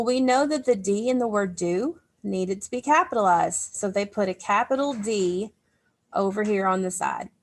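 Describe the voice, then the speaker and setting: A woman's voice: mid-range voice, gravelly. A woman teacher giving a recorded online class, patiently explaining grammar step by step to young pupils. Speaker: elementary school teacher.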